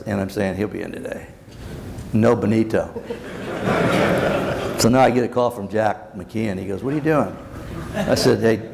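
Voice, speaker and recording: A man's voice: fairly low pitch, creaky, darkish tone. Older man, blunt storyteller, acted-out dialogue, long hall reverb, faint background noise. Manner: blunt, acts out quoted dialogue. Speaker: former baseball manager, keynote guest. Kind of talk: anecdotal storytelling in a Q&A. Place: large banquet hall.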